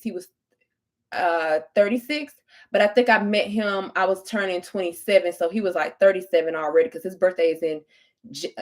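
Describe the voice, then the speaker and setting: A young woman telling stories to viewers in a casual get-ready-with-me vlog, blunt and full of profanity. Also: on the low side. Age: young adult. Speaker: vlogger.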